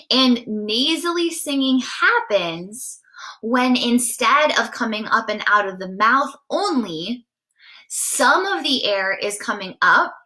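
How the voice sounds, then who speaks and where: A woman's voice: medium pitch, pushed and bright. A woman teaching a live singing lesson in a chatty, encouraging way, often checking in with her viewers. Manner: demonstrates sighs and nasal sounds mid-explanation.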